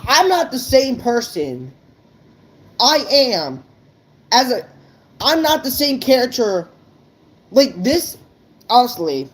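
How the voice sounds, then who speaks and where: A woman's voice: a little high, slightly rough, poor audio. A woman vlogger ranting unscripted to her viewers, blunt and profane, stumbling over her words. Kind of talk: unscripted rant to camera.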